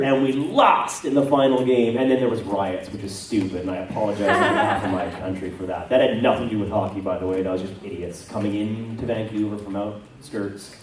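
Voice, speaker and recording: At a convention panel, a Canadian voice actor with a medium-pitched, slightly mellow voice chats away, making fun of himself and wandering into tangents. The mic catches him from a distance in an echoey room.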